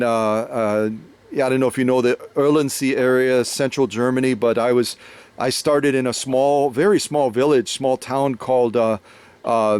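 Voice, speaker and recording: A man's voice: medium pitch, a little mellow, clean tone. American man, rambling storyteller. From United States. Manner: rambling, many fillers and restarts. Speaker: host, sewing machine restorer. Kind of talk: casual storytelling conversation.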